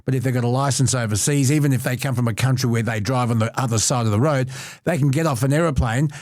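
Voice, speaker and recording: A man hosts a casual talk show, pressing his points with repetition. His voice sits at a middle pitch. The recording is dry and close. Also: fast talker, a little mellow, no echo. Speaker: host. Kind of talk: casual chat.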